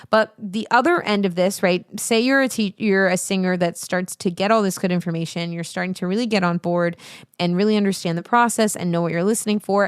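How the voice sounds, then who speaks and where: A woman's voice: mid-range voice, smooth, dry recording, studio quality. Chatty, swearing woman voice teacher. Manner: chatty, animated, swears freely, jumps between asides. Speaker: voice teacher and show host. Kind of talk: casual spoken lesson.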